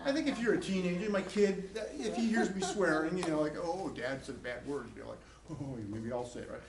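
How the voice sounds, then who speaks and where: A middle-aged man lecturing a college class in a conversational way, repeating himself and acting out quick voices. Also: high-pitched, lively intonation, gravelly, over a noisy crowd. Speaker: professor. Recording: echoey classroom with faint noise.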